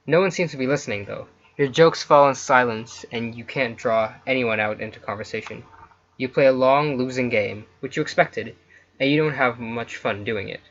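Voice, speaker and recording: A man's voice: mid-range voice, a bit bright, dull audio. A man hosting a let's play, reading interactive fiction aloud between casual chat with his co-player. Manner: reads story text then chats casually.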